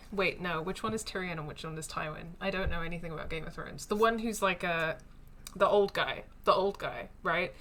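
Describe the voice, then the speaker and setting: Chatty woman streamer with a bright voice. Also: medium pitch. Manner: chatty, thinks aloud with many fillers. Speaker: streamer playing a story game. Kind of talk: casual let's-play commentary.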